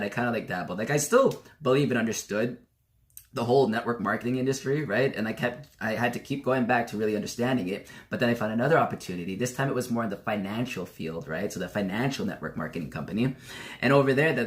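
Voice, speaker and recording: A man in his thirties talks straight to camera in a casual vlog. His voice climbs and dips with lively swings as he tells his stories. He acts out old heated arguments with gusto. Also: medium pitch. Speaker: network marketing vlogger.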